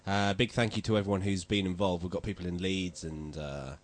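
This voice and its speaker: A man hosting a casual group podcast, chatty and rambling, full of fillers and quick laughs. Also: low voice, steady tone. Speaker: podcast host.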